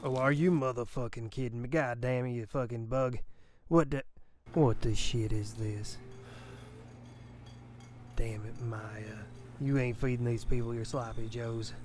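A man's voice: medium pitch, steady tone, unhurried, long pauses, close to an everyday voice. A man voicing a crude, dim-witted man poking around a derelict house, rambling and muttering vulgar remarks to himself as a comedic game parody voice-over. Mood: grumbling. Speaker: comedic dub voice. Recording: game ambience noise behind the voice.

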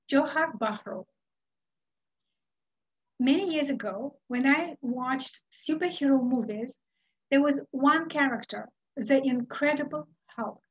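A middle-aged woman from Uzbekistan tells a story with a high voice and a slow, dramatic delivery full of pauses. The recording sounds dull and lo-fi. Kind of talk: storytelling speech.

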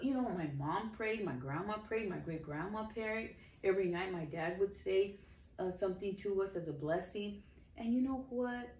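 An older woman in her sixties preaches to the camera with an earnest, rambling emphasis. Her voice sits low for a woman. She is heard from some distance in a roomy space with faint noise behind her. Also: a little mellow. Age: 60s. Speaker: lay minister.

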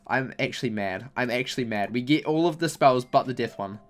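A man's voice: lowish voice, steady tone, slow, clear, resonant tone. A young man commentating casually as he opens game packs, complaining in exasperated, repetitive bursts about his bad luck. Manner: exasperated, repeats himself, mock-angry complaints. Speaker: gaming YouTuber.

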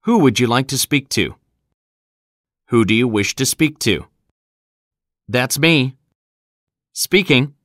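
A man reads practice sentences aloud at an unhurried, measured pace. His voice sits at a middle pitch. The recording is dry and close, made in a studio. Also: expressive, fairly bright tone, no room sound. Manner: clear, deliberate delivery of example sentences. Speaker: English phrase reader. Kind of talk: scripted recorded phrase reading.

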